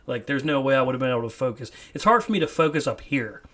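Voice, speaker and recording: A man's voice: medium pitch, quick pace, a bit bright. A young man hosting a casual podcast from his man cave, rambling and laughing easily, often repeating his words. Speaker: podcast host. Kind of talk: casual chat. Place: home man cave, indoors.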